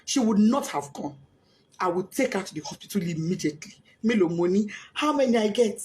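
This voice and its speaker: A grieving Nigerian mother with Yoruba as her first language, giving an impassioned, tearful statement and often shouting as she pleads. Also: on the low side, animated, a little fast, slight background noise. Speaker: bereaved mother. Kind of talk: emotional personal statement.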